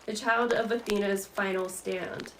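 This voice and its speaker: A woman voicing a brainy teenage girl reciting in a hesitant, halting way in a storybook reading. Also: medium pitch, fairly even intonation, a bit bright, a little hiss or hum, close to an everyday voice, poor audio.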